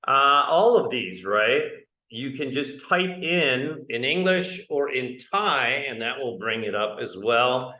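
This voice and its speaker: A man's voice: medium pitch, expressive, takes it slowly, few pauses, pushed and bright, rough recording. A man teaching English in a live-streamed online lesson, talking conversationally, checking in with "right?" and greeting viewers by name as they join. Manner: conversational, keeps asking "right?".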